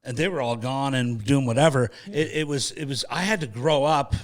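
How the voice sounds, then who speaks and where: A male podcast host tells a funny family story with animated, jokey delivery. His voice sits at a middle pitch. He talks in a relaxed, casual way. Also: normal speed. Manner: animated, jokey anecdote telling.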